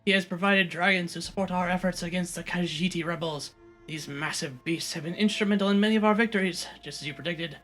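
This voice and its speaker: A man's voice: sits high, fast talker, a bit bright, soft background music. A man co-hosting a game let's play, trading dry teasing banter and reading in-game documents aloud. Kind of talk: casual gaming commentary and reading aloud.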